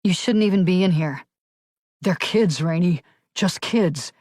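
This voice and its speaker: Woman voicing a crisp gruff ex-army medic. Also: high voice, measured pace, darkish tone, no room sound, clean studio sound. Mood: tense, brusque. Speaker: audiobook character.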